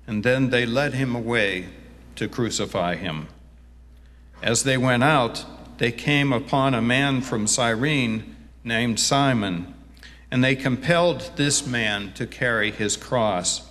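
A man serving as pastor, giving a scripture reading and sermon in a church, reading slowly and deliberately and growing animated as he preaches. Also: mid-range voice. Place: church sanctuary. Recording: long reverb from a church hall.

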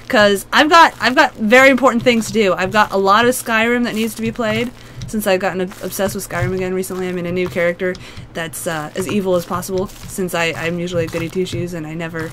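A woman with a husky, hoarse voice from a long cough, giving a chatty, jumpy, self-mocking play-by-play of a horror game. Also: on the low side, quick pace, a bit bright, slight background noise. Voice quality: husky, smoker-like voice. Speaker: gaming video host. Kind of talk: casual let's-play commentary.

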